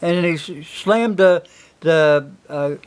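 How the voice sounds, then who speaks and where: Older man, high-pitched, casual folksy storyteller, rambling delivery. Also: slow pace, smooth. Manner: rambling, folksy, many fillers. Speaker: single father telling stories.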